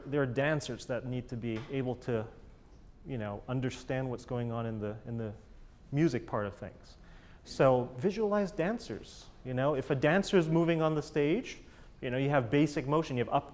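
A man's voice: mid-range voice, a little mellow. A man coaching a chamber ensemble in a master class, encouraging and enthusiastic, singing out rhythms with syllables.

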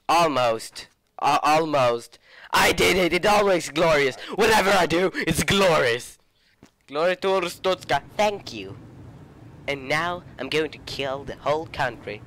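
A man's voice: fairly high pitch, fairly bright tone, no room sound. A young man with a sore throat, rambling through a joking let's play commentary. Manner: rambling, joking asides, self-interrupting. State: sore throat, a bit sick. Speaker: gaming channel host. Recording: game music playing behind.

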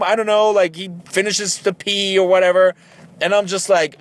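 A man's voice: high-pitched, fairly quick. A man in his thirties hosting a podcast, telling a casual rambling story with lots of fillers and restarts. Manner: rambling, many fillers and restarts, animated when excited. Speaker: podcast host.

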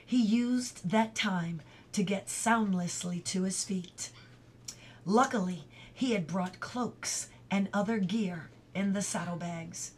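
Slow, careful woman reading a storybook. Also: mid-range voice, breathy edge. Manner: slow, careful, drops to a whisper for quiet moments. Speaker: reader. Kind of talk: storybook read-aloud.

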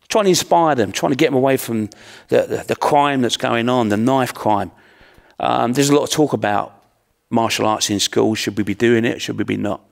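A man's voice: lowish voice, creaky. A middle-aged man, a martial arts instructor giving an earnest, plain-spoken storytelling talk. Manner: earnest, plain-spoken, with repeated rhetorical questions.

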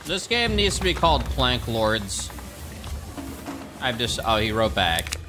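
A male streamer ranting through a strategy game, his pitch swinging wide as he swears at everything. He talks at an unhurried pace, and game music plays clearly behind him. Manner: profane, ranting, animated. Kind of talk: live gameplay commentary.

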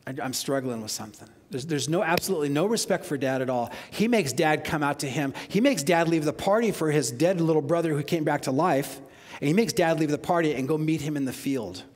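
A man preaching a sermon as pastor, animated and conversational, often asking the congregation questions. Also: fairly high pitch, fairly quick. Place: church sanctuary. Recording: long hall reverb.

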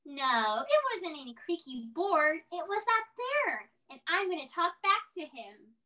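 Teen actor as a very high, bright, animated young boy, exclamatory, old-fashioned slang. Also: unhurried, exaggerated voice. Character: Jimmy, an excitable young boy. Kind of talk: high school stage play.

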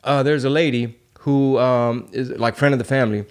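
A man's voice: medium pitch, fairly even intonation, normal speed. A man hosting a podcast in casual chat, ranting with heated rhetorical questions and loose street slang. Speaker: podcast host.

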